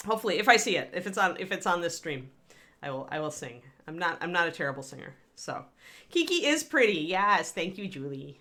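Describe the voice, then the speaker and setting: A woman's voice: fairly low pitch, sing-song, brisk, sharp tone. A woman hosting a livestream about painting miniatures, chatting casually in a giggly, rambling way with frequent restarts.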